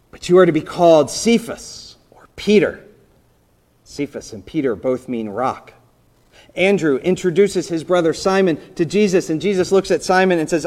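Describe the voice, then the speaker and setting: A man preaching a sermon in a conversational storytelling manner, briefly acting out the people in the story and dropping to a soft voice for emphasis. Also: sits high, normal speed. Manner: conversational storytelling, voicing biblical characters, drops to soft emphasis. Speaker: pastor.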